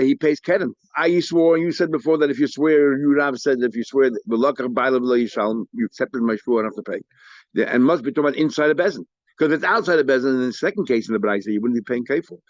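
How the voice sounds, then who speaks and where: A man giving a Talmud lesson in a mid-pitched voice, switching between English and Hebrew and Aramaic terms. He acts out each claim in lively little bursts. The sound is dry and somewhat dull, like a lo-fi recording. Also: no room sound. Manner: animated, acts out the litigants' lines in quick bursts. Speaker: Talmud teacher. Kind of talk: daf yomi Talmud lecture.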